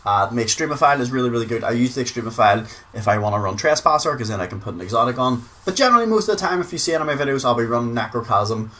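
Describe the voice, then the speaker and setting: A man's voice: medium pitch, animated, racing, hardly any pauses, a bit bright. A man with a Northern Irish accent giving casual gaming commentary, chatty, swearing freely and repeating words for emphasis. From Northern Ireland. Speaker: gaming video creator.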